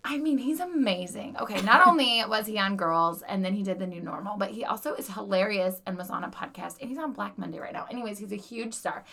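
A woman principal co-hosts a podcast and tells stories in a chatty, lively way. Her voice is bright and forward. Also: medium pitch, quick pace, vocal fry, few pauses. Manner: chatty and animated, many "like" fillers. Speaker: elementary principal, podcast co-host. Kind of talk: casual chat and storytelling.

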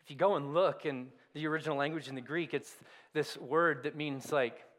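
High-voiced man preaching a sermon. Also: a little fast, a bit bright. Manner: conversational, self-deprecating preaching with rhetorical questions. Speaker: pastor.

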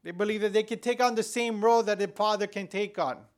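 A man's voice: sits high, steady tone, quick pace. A man, a pastor, preaching a sermon on a church podcast, telling a story in a conversational way with restarts. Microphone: podcast recording.

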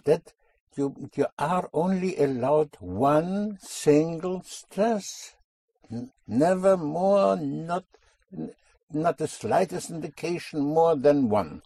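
A man's voice: fairly high pitch, lively intonation, slow pace, mellow, slightly rough, no room sound. A man teaching a language class, patiently drilling words and correcting pronunciation.

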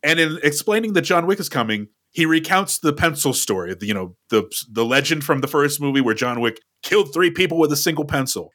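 Bright-voiced wry man recapping. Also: a little high, lively intonation, a little fast, few pauses. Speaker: podcast co-host. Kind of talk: casual chat, recapping a film.

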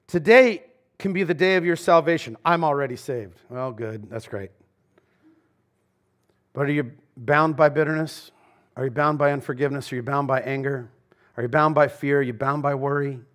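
A male pastor preaching a sermon in a church, talking to the congregation conversationally, swinging between loud emphasis and quiet asides. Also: mid-range voice, steady tone, normal speed, pauses often. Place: church sanctuary.

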